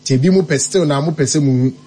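Male commentator, Ghanaian accent, fairly high pitch, emphatic, code-switching. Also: rapid-fire, dark tone, slightly rough. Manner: emphatic, switches languages mid-sentence, big rises in pitch. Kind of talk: spoken commentary.

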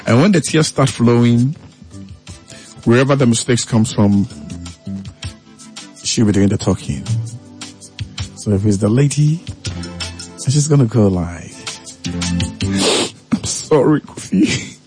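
A man's voice: mid-range voice, animated, measured pace, long pauses, over music. A man telling a comic story about couples making up, addressing listeners directly and dramatically. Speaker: comedic storyteller. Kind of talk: comedic monologue.

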